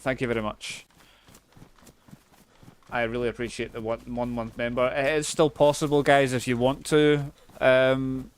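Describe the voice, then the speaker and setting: A man's voice: medium pitch, clear, resonant tone. A Scottish man live streaming a game, chatting casually and swearing freely as he thanks viewers. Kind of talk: casual gameplay chat.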